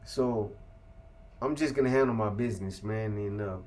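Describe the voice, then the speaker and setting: A man's voice: on the low side, moderate pace, darkish tone. A man from California casually telling a story as an interview guest, in laid-back street slang with plenty of profanity.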